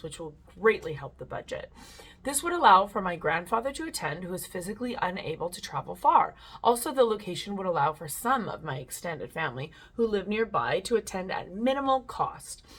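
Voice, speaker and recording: A woman's voice: medium pitch, husky. Chatty rambling woman. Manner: rambling, chatty, swears casually. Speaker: channel host reading online stories. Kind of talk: casual chat and reading aloud.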